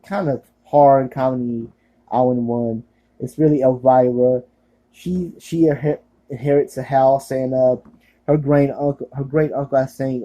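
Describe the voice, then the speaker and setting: Laid-back male vlogger with a deep, dark tone, offhand and rambling through his picks. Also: low-quality recording. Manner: rambling, many fillers and restarts. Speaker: horror movie reviewer. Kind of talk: casual movie recommendation vlog.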